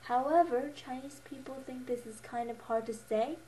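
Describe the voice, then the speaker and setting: A woman's voice: sits high, normal speed, warm tone, slight background noise. A young woman teaching a beginner Mandarin lesson, patiently modelling each tone with repeats and correcting herself with a little laugh. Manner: self-correcting, a little giggly.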